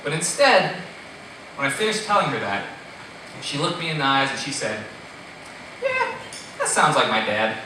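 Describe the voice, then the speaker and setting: A man's voice: fairly high pitch, normal speed, long pauses. Man telling a story in an echoey hall. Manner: animated, laughs at himself, swears freely, acts out his panic. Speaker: storyteller on stage. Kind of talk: live storytelling. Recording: echoey hall, distant mic, noisy.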